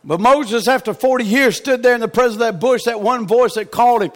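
High-voiced fervent preacher man. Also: brisk. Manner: swings from shouted exhortation to hushed, near-whispered tenderness. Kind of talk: revival sermon.

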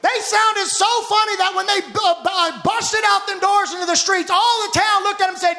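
A man preaching a sermon with fervent, rhythmic repetition that builds to shouts. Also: extremely high pitch, fairly even intonation, normal speed, few pauses.

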